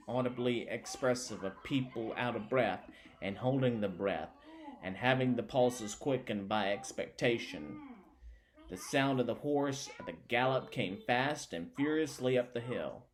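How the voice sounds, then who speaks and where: A man reading a classic novel aloud as an audiobook narrator, measured and unhurried. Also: mid-range voice. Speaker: audiobook reader.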